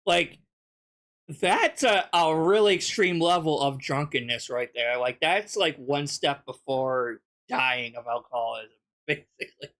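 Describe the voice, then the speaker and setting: A man's voice: a little high, animated, unhurried, fairly bright tone. A man hosting a reaction video, commenting with scornful, profane sarcasm.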